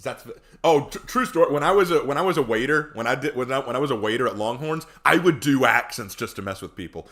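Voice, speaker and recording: Animated young man chatting on stream. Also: mid-range voice, fast talker. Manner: chatty, jokey, reads chat aloud. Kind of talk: casual live-stream chat.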